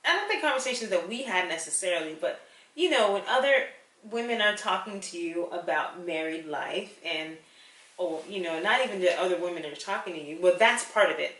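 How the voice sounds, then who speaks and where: A woman in casual conversation with a bright, forceful voice that is animated and chatty, with frequent laughter. She sits a little back from the mic in an echoey room. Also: lowish voice, a little fast, far from the mic. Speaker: co-host.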